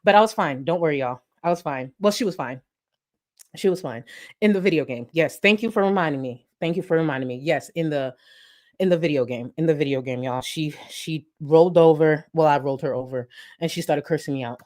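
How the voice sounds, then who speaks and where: A young woman hosting a commentary channel, telling a profane, animated story in casual chat that swings between loud and hushed. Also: low-pitched, fairly quick.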